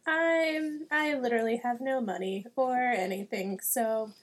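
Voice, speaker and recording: A woman takes her turn in a tabletop role-playing game. She speaks slowly in a soft, breathy voice pitched a little high, hesitating with frequent ums. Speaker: player.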